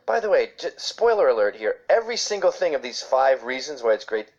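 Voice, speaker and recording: A sarcastic dad rants his way through an article in a comedic commentary. His voice sits a little high and leaps up and down as he gets worked up. The sound is dull and lo-fi, like a screen recording. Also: very animated, brisk, hardly any pauses. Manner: sarcastic and ranting. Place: New York.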